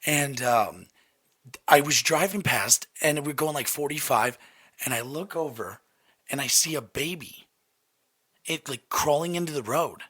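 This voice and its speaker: A young man hosting a podcast, telling a story in a casual, animated way, swearing and laughing often. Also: a little high, measured pace, pauses often, breathy edge. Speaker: podcast host.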